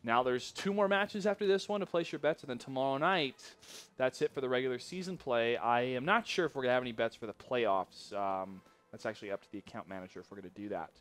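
A man casting a live esports match, chatty and easily excited, jumping up loud when surprised. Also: medium pitch, fast. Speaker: esports caster. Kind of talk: esports play-by-play commentary.

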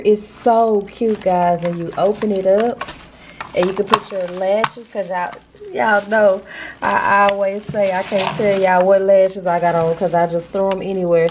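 A vlogger unboxes gifts on a handheld camera, chatting casually and gushing to her viewers. Her medium-pitched voice is a little mellow, with slight background noise.

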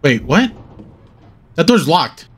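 Excitable high-voiced man gaming. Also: slow pace, slightly rough. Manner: excitable, swears constantly, yelps and laughs when startled. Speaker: gaming channel host. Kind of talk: live let's-play commentary.

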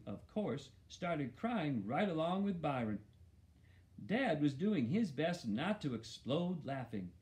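A man reading a children's novel aloud in first person. His voice runs fairly high and swings up and down with the story. The telling is lively and expressive. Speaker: audiobook narrator. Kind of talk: storybook narration.

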